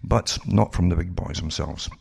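Gravelly low-voiced sardonic man. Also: moderate pace, darkish tone. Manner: sardonic, rhetorical questions to listeners. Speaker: political commentator. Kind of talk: monologue reading and commenting on news articles.

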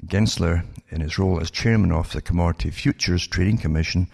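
An older man reads out news articles and mocks them in a sardonic solo commentary, turning to his listeners with rhetorical questions. His voice sits very low and has a rough, gravelly edge. A husky grain runs through his speech. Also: brisk, a little mellow. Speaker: political commentator.

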